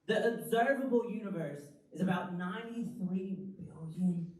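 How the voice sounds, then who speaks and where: A man preaching a sermon as pastor, in an animated, conversational style full of rhetorical questions. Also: high voice, a little slow. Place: church hall. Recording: very echoey hall, from the far mic.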